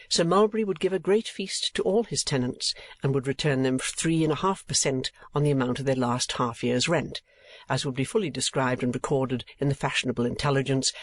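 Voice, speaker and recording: A man reading a classic novel aloud as an audiobook narrator, in a measured, expressive way. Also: medium pitch, no room sound.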